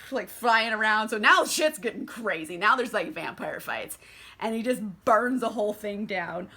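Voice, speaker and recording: A tipsy woman giving a casual book recap, animated, swearing and laughing often. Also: fairly high pitch. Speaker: book reviewer.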